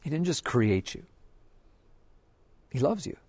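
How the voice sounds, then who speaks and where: Earnest man giving a gentle sermon. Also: medium pitch, very animated, slow, no room sound. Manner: earnest and gentle, often softening to a hush. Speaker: pastor. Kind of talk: devotional sermon.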